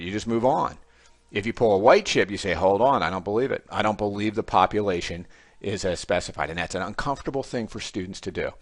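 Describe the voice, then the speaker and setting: A man's voice: fairly low pitch, dry recording. Folksy middle-aged male statistics teacher. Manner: conversational storytelling with quoted student voices; folksy asides. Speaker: statistics instructor. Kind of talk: recorded lecture video.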